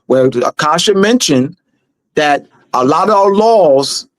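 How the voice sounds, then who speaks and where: A man with a high voice, recorded dry and close. He hosts a live teaching discussion and drives his points home with emphatic repetition. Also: animated, slow, no echo. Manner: emphatic and repetitive, urging listeners. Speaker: host.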